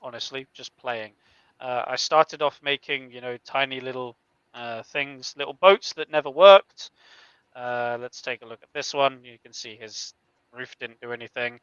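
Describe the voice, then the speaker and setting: A man's voice: mid-range voice, moderate pace, fairly bright tone, smooth, no echo, lo-fi sound. A man hosting a live stream, upbeat and laughing easily as he talks to the chat. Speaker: host.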